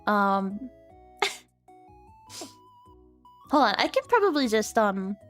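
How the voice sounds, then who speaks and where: A woman's voice: medium pitch, very animated, takes it slowly, soft background music. A woman streamer chatting casually on a livestream, laughing often, swearing and mocking herself. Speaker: VTuber streamer.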